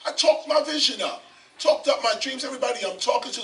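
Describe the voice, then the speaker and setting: This older interview guest, a rapper and teacher from the South Bronx, New York, talks fast in an extremely high, sharp voice. He tells his life story with animation, repeating phrases emphatically and frequently asking "okay?". The library setting is heard through a distant mic with faint background noise.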